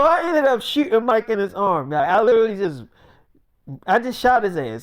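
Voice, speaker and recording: A man's voice: high voice, very animated, normal speed. A man casually recapping a game playthrough, profane and rambling with offhand asides. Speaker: storyteller.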